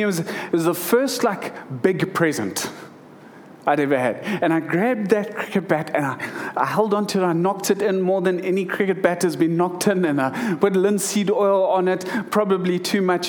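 A man in his thirties preaching a sermon, reading scripture and then telling a personal story earnestly, with emotion and frequent restarts. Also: high voice. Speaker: pastor.

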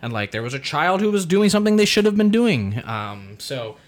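A man's voice: a little high, brisk. Chatty male actor telling a story. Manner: laughs often, lively anecdote. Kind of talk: casual storytelling.

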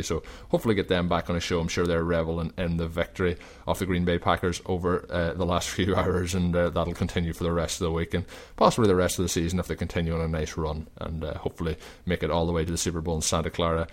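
A man hosting a sports podcast, chatting casually through game picks with plenty of fillers. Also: deep voice. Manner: chatty, quick predictions with fillers. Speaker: podcast host. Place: recording while travelling.

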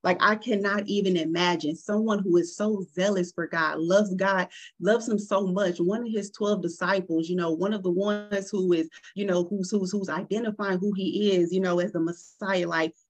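A young woman preaching in an easy, conversational way. She is earnest and personal, and she keeps checking in with her listeners. Her voice sits at a middle pitch for a woman. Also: steady tone, normal speed. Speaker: guest preacher. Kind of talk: conversational sermon.

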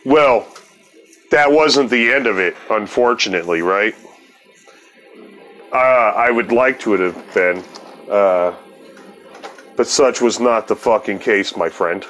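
A man with a fairly low voice tells a loose, wandering story, swearing freely and chuckling along the way. The talk is relaxed and unpolished. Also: takes it slowly, pauses often, faint music behind. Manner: rambling, profane, laughs often. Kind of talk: casual storytelling.

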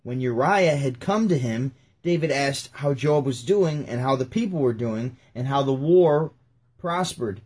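A young man hosting a video, reading scripture aloud and breaking off into chatty, laid-back asides that often trail off quietly. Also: medium pitch, animated, unhurried, breathy edge. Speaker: video host. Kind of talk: casual scripture reading with commentary.

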